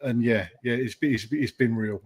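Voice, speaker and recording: A man co-hosting a fan podcast, rambling and halting as he heaps on praise. His voice sits at an ordinary mid pitch. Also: slightly rough. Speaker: podcast co-host. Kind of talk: casual chat.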